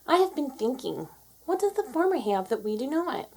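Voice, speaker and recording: A woman voicing Moo, a scheming, bold-dreaming female cow, in a children's storybook read-aloud, talking eagerly and shouting in excitement. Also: high voice, normal speed, husky, voice pushed up, heavily acted.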